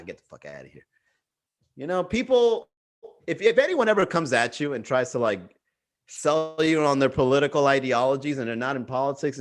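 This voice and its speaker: A man hosts a casual comedy livestream from home, talking into a computer mic. His voice sits fairly high and swings widely in pitch. He riffs loosely and swears freely, and slips into other people's voices as he goes. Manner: profane, riffing, acts out quoted voices.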